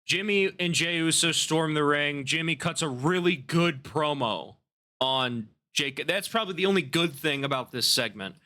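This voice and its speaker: Male podcast host, bright and slightly high, blunt and opinionated with casual swearing. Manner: opinionated, swears, quick asides. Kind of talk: casual wrestling recap.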